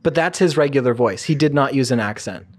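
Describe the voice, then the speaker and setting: A young woman in casual chat, telling stories in a chatty, drawn-out way. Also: extremely low pitch, animated, slight background noise.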